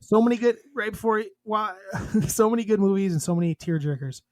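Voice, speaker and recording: A man's voice: high voice, expressive, fairly quick, no room sound. A man co-hosting a podcast in casual chat, reading a list aloud and cracking crude jokes between items. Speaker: podcast co-host.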